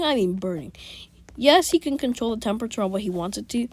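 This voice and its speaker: A woman's voice: medium pitch, lively intonation, quick pace, darkish tone, dry recording. Brief: casual woman storyteller, rambling, drops to whispers at times. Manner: rambling, many restarts, whispered asides. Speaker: fan storyteller.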